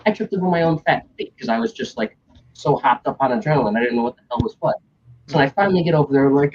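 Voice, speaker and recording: A man's voice: on the high side, expressive, quick pace, a little mellow, husky. A young man telling a story in casual chat, acting out other people's lines and swearing freely. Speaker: stream host telling a story. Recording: dull lo-fi stream audio.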